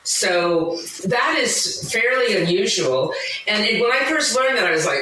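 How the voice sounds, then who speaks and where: A woman's voice: medium pitch, animated, a little slow, pushed and bright, very echoey, distant mic, a little hiss or hum, low-quality recording. A woman guest talking enthusiastically, full of asides and tangents, in conversation. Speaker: podcast guest. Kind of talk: conversational explaining.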